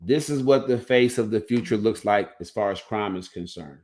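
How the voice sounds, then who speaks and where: A man with a fairly low voice talks loosely through a livestream, his thoughts trailing off and restarting mid-sentence. He sounds like a coach chatting casually to his viewers over a computer mic. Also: normal speed, darkish tone.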